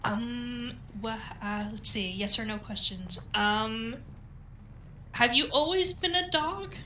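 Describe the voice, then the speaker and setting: A young woman playing a tabletop game, excitable and giggly, gushing and reacting eagerly. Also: on the high side, slight background noise. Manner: excitable, giggly, quick to gush. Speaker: player.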